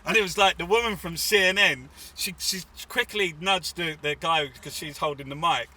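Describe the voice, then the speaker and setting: A man's voice: fairly high pitch, moderate pace, sharp tone, distant mic, slight background noise. A man from England, an artist and activist, telling stories in a rambling, swearing, casual interview outdoors in a city. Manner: rambling, swearing, full of fillers.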